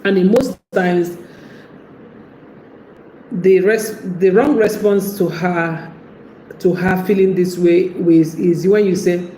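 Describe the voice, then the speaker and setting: A woman's voice: fairly low pitch, steady tone, slow, long pauses, mellow. A woman giving casual relationship advice, chatty and laughing often as she acts out what a partner might say. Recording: echoey room with faint background noise.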